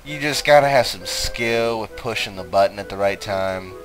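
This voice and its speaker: A man's voice: on the low side, moderate pace, fairly bright tone, soft background music. Profane, sarcastic gaming commentator man. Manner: profane, sarcastic, laughs often. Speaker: let's play commentator.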